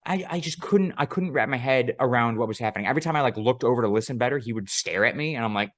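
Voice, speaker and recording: Man, podcast co-host, casual storytelling, swears a lot, rambling, mid pitch. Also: quick pace, no room sound, studio quality. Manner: profane, rambling, animated storyteller.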